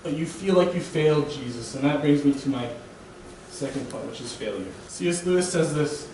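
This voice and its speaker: A young man preaches in a relaxed, chatty way, often pausing to ask "right?". His voice sits a bit high for a man. It is picked up from a distance in a booming, echoey hall, with a faint hiss underneath. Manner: casual, keeps asking "right?". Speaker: guest preacher. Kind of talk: conversational sermon. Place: church sanctuary.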